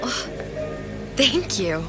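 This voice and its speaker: Elizabeth, a polite young heroine. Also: female voice, mid-range voice, sing-song, very slow. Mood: shy, polite. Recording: game audio with music behind.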